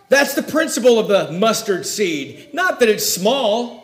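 Man, preacher, high voice, folksy sermon, loud-to-hushed swings, roomy echo. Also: sing-song, unhurried, few pauses.

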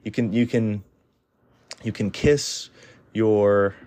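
Speaking slowly, a man airs his views bluntly and loosely, often starting over and plugging silences with "you know." His voice is warm and mellow and sits fairly low.

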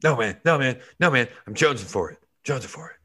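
A man's voice: medium pitch, lively intonation, fast talker, bright, forceful tone, breathy edge. A man voicing a cocaine-addicted male police dog in an improvised comedy sketch, frantic and whiny. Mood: begging.

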